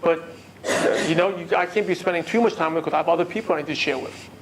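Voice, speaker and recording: High-voiced man coaching a seminar crowd. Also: fast, background noise. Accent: non-native English accent. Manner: animated, coaching, asks the room questions. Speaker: network marketing trainer. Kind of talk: seminar talk to a live audience.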